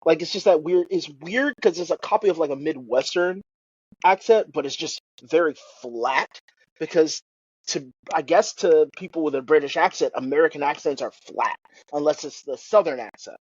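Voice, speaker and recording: A man's voice: on the high side, normal speed, breathy edge, dry recording, highs cut off. A married man co-hosting a podcast in casual chat, swearing and filling with ums and likes. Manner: swearing, filler-heavy rambling. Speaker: podcast co-host.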